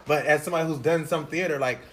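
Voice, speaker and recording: A man hosting a casual interview, asking eager questions and adding quick backchannels. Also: on the high side. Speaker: host.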